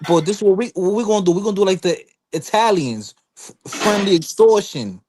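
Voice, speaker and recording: An animated man holding forth on a casual panel show, his voice sitting a little high for a man. He talks in loose, filler-heavy bursts and slips into the voices of the people he quotes as he tells a story. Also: fairly quick, noisy background. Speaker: panel guest. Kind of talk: casual chat.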